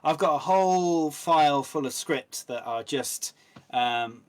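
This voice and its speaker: A man with an English accent, an actor guest telling anecdotes in a relaxed interview chat with frequent ums. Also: a little high, a little slow.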